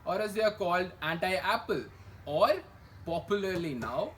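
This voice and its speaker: A man's voice: high voice, lively intonation, normal speed, a bit bright, slight background noise, rough recording. A young man hosting a satirical news show, full of sarcastic asides and rhetorical questions. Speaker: comedy news show host.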